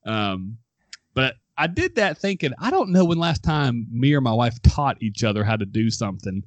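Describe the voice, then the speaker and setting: Animated young man telling a story. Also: mid-range voice, moderate pace, no room sound. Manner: animated storyteller, acts out quotes, laughs often. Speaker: podcast host. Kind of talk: casual chat, storytelling.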